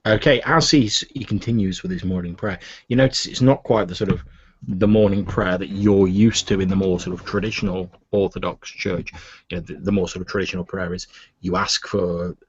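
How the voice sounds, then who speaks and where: Deep husky game master. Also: male voice, steady tone, a little fast. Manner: loose, filler-heavy narration. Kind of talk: narrating a tabletop game. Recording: muffled lo-fi recording.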